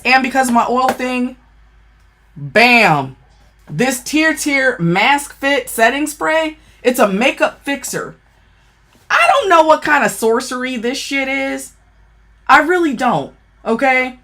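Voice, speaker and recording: A woman's voice: high-pitched, sing-song, slow, fairly bright tone. A woman giving a casual makeup product review, blunt and profane, who keeps checking in with "okay?". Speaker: beauty vlogger.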